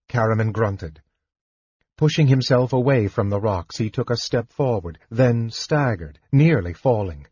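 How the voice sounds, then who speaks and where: A man narrates a fantasy novel in a slow, measured and dramatic reading. His voice is husky and mid-pitched. The recording is dry and a little dull, like a home audiobook. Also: animated, darkish tone, dry recording.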